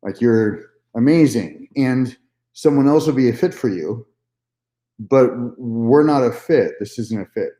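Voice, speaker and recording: A man's voice: mid-range voice, expressive, a little slow, mellow. Man telling a story in an echoey room. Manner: candid, swears freely, repeats himself. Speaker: vlogger. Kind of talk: casual storytelling monologue.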